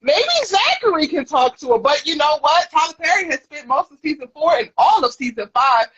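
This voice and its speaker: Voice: sits high, expressive, a little fast, fairly bright tone, dull audio. A co-host in a casual aftershow chat, talking bluntly and heatedly about what annoyed them.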